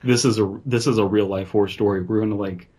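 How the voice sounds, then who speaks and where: A man reads a creepy story aloud for a podcast, stopping now and then for easygoing banter. His voice sits low and has a husky edge. He sounds relaxed and is easily amused. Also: fast. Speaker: podcast co-host and story reader. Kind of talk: reading a horror story aloud with casual banter.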